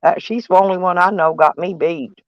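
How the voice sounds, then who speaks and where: A woman's voice: fairly low pitch, steady tone, a little fast, dry recording, muffled recording. A woman, chatting to her viewers from inside her van in a rambling, folksy and salty way. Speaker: vlogger. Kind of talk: casual rambling chat to viewers.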